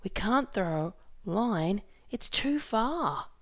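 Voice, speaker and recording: A woman reading aloud, voicing a weathered grown man who speaks plainly and gravely to his son. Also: mid-range voice, expressive, takes it slowly, voice pushed up. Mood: resigned. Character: weathered grown man, a boy's steady father.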